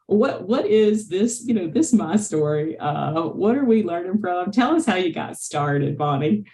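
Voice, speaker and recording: Low-voiced woman hosting in a roomy space. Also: expressive, measured pace, dark tone, slight background noise. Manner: enthusiastic, welcoming. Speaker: podcast host. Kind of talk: podcast interview intro. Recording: roomy echo.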